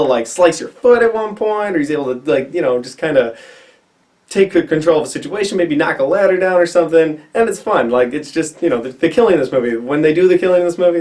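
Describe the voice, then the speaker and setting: Animated man reviewing a movie. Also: fairly high pitch, recorded from a distance. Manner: animated, quick asides and acted-out quotes. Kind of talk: casual movie review to camera. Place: indoors before a white backdrop.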